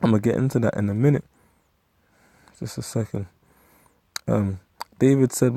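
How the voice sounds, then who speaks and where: A man's voice: mid-range voice, fairly even intonation, normal speed, vocal fry, pauses often, dark tone, no room sound. A man with a London accent teaching from the Bible, reading verses aloud and then retelling them in street slang with many restarts. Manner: frequent fillers and restarts. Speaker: street preacher.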